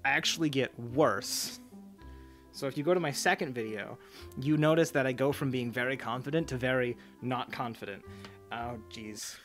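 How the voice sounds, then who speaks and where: A young man in casual commentary mode, chatty and self-mocking, with a mid-range voice and a relaxed, easy flow. He laughs often as he talks. Faint music plays underneath. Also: mid-range voice, normal speed. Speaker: YouTuber. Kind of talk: casual commentary reacting to his old videos.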